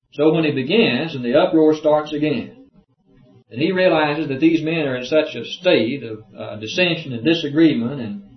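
A man teaching a Bible class, reading verses aloud and explaining them in plain talk. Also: mid-range voice. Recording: roomy, dull lo-fi tape.

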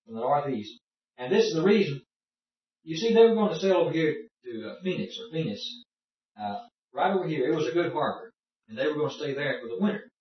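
A man's voice: fairly high pitch, lively intonation, fast talker. A man leads a Bible class in a folksy, explanatory way, stopping to ask his students questions. He sounds far from the microphone, and the room is very echoey. The recording is muffled. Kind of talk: informal Bible study lesson.

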